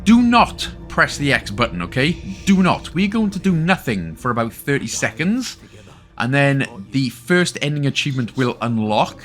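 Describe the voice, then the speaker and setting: Welsh guy doing game achievement commentary, joky and rambly, soft music under. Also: mid-range voice, very animated, moderate pace. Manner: chatty, joking, apologetic asides. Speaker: gaming channel host. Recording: faint game music behind.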